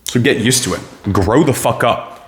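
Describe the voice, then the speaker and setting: Young male host, profane motivational rant, mid-pitched voice, roomy echo. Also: normal speed, a little hiss or hum. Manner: blunt, swearing, preachy and forceful. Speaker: self-improvement video host.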